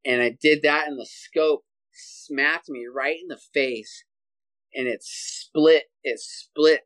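Animated man telling a story over a video call. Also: fairly high pitch, takes it slowly. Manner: animated, energetic storyteller, says "dude" often. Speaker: podcast guest, hunter. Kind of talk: casual storytelling interview.

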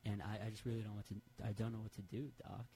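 Sad-sack moth guy played by a man, stammers a lot, low voice. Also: flat delivery, racing, vocal fry, dark tone, a little hiss or hum, rough recording. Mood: woeful. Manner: stammering, rambling. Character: downtrodden male moth, anxious and rambling.

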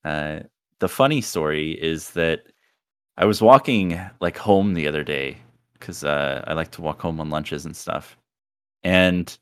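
Laid-back male podcast host, low voice, dry close sound, easygoing storyteller. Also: fairly bright tone, clean tone, no echo. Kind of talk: casual chat.

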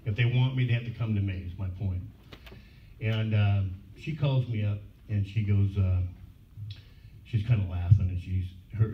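A man's voice: lowish voice, moderate pace. A man telling blunt, profane stories at a convention panel, laughing often. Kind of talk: casual storytelling at a fan panel. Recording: echoey far-off hall recording, phone-like and noisy.

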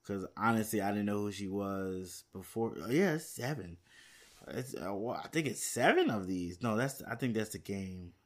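A man with a fairly low voice talks casually to his viewers, rambling and thinking aloud. He restarts his sentences often and pads them with fillers. He sounds a little tired. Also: animated, moderate pace. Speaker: movie news vlogger. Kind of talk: casual chat to camera.

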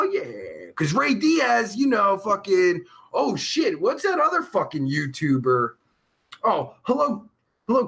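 A man's voice: high voice, creaky, pushed and bright. A man hosting a live show, reading chat messages aloud and answering them in a rambling, vulgar, easily riled way. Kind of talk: crude casual live-stream chat.

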